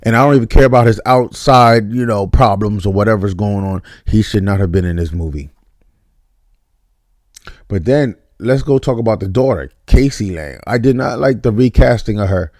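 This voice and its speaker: A man giving a casual spoken movie review, blunt and animated, with mock voices and some cursing. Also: on the low side, no echo, clean studio sound.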